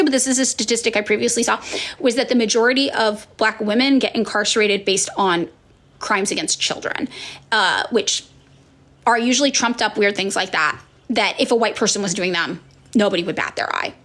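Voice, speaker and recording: A woman's voice: medium pitch, a bit bright. A woman in her thirties, a political commentator, talking casually to viewers with frequent fillers and restarts. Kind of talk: casual chat answering viewers.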